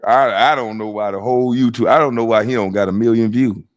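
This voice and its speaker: Talking fast in a steady, medium-pitched voice, a host roasts clips on stream with profanity and casual mockery. His nose is stuffy, and he bursts out laughing.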